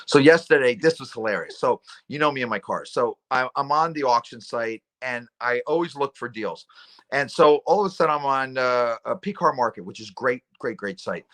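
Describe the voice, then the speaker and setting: A middle-aged man hosting a casual chat, rambling through animated stories and acting out voices. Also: medium pitch, normal speed. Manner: rambling, animated storyteller who acts out voices. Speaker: talk show host.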